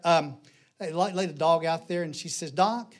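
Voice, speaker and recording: A middle-aged man preaching a sermon in a church, folksy and joking, telling stories with animated delivery. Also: a little high, normal speed. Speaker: pastor. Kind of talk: sermon with jokes.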